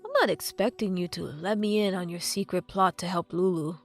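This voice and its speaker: Woman voicing large male drummer, curt, edgy, lowish tone, audiobook. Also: moderate pace, faint music behind. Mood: guarded. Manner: curt, passive-aggressive. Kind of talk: audiobook character voice.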